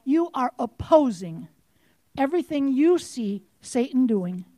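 High-voiced woman preaching with fervor. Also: big pitch swings, measured pace, no echo. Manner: impassioned, rising to forceful outbursts; direct, questioning the listeners. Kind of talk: sermon.

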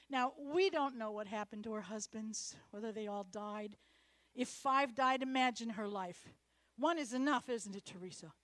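A middle-aged woman preaching a sermon in an animated way, acting out Bible characters and dropping at times to a hushed whisper. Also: on the high side, no room sound.

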